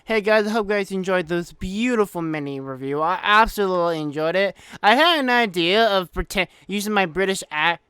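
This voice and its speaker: A young American man hosting a casual car review vlog, talking in an excitable, jokey way with many restarts. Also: high voice, a little fast, few pauses, clean tone. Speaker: car reviewer, channel host.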